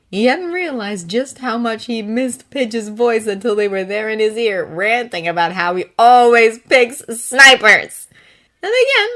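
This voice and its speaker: A woman narrating a fanfiction audio reading in a soft, steady manner. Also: mid-range voice. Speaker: fanfiction reader.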